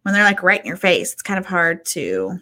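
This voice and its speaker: Her voice fairly low and her speed normal, a podcast co-host recounts a story in relaxed conversation. She's an animated teller who curses openly and reenacts what people said.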